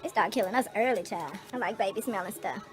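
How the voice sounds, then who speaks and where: A middle-aged woman vlogging in a casual storytelling way, frank and profane, animated, with asides and laughter. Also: mid-range voice, fast, loud music behind the voice.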